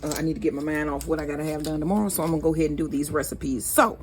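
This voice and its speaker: A woman's voice: deep voice, steady tone, rapid-fire, a little hiss or hum. A woman hosting a casual cooking vlog in her home kitchen, chatty and correcting herself as she goes. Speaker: cooking channel host.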